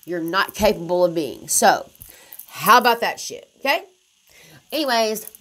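A woman's voice: medium pitch, lively intonation, a little slow, long pauses, a bit bright. A young adult woman ranting to the camera as a commentary vlogger, blunt and confrontational, swearing heavily. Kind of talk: profane drama commentary rant.

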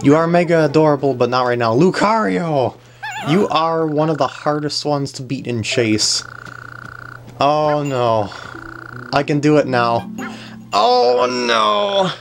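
Speaking at normal speed in a deep voice, a woman plays a video game and gives chatty, playful let's play commentary. She often talks to the characters on screen, and faint game music is audible.

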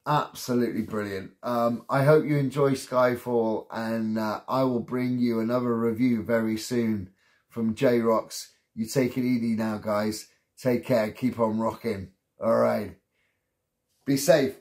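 An enthusiastic man giving an excited reaction commentary to a music video, exclaiming often. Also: mid-range voice, a little slow. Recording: loud band music playing behind.

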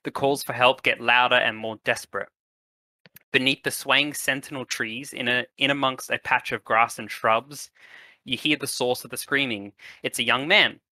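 A man's voice: medium pitch, fairly even intonation, normal speed, pushed and bright, dry recording. A man acting as game master, narrating a tabletop game in a loose, partly improvised way. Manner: loose, hesitant, with fillers when improvising.

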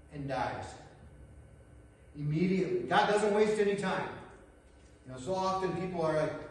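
A man preaching a sermon as pastor, earnest, with dramatic pauses and hushed retellings of scripture. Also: on the high side, a little hiss or hum. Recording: echoey hall recorded from far off.

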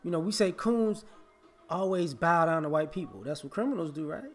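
High-voiced man ranting on his channel, keeps repeating himself, music faint behind. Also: lively intonation, normal speed. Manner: emphatic, confrontational, repetitive. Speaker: vlogger. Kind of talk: opinion monologue.

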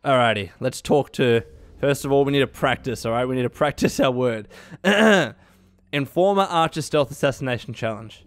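A young man giving excitable, swearing let's play commentary, laughing often. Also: mid-range voice, normal speed, no room sound. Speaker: gaming youtuber.

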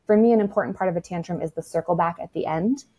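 A woman's voice: lowish voice, fast talker, dark tone, breathy edge, highs cut off. A woman speaking as a toddler-parenting expert in a casual podcast conversation, frank and matter-of-fact, with lots of "like" and the odd swear word.

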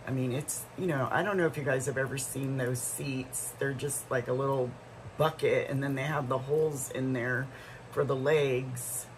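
A woman's voice: extremely low pitch, fairly even intonation, moderate pace, slight background noise, rough recording. A middle-aged woman vlogger telling a story in a casual, rambling way, full of asides and restarts.

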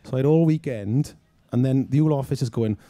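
A man from Wales tells a story in an interview at a rapid clip, his voice dark and low in tone. He acts out each quoted line of dialogue, and the room sound is dry and close. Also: dry recording. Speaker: film writer-director, guest.

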